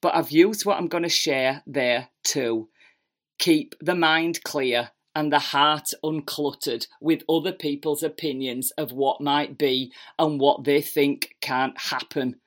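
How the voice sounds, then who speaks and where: A woman in her fifties with a Yorkshire accent, telling her own story in a chatty, animated, self-deprecating way from her kitchen at home. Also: deep voice, slow pace. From England. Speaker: podcast host. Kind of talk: personal storytelling monologue.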